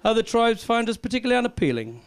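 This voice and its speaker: A man's voice: very high voice, big pitch swings, racing, slight background noise. A Welsh man doing a live stand-up comedy set, cheekily teasing and chatting with the audience. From Wales.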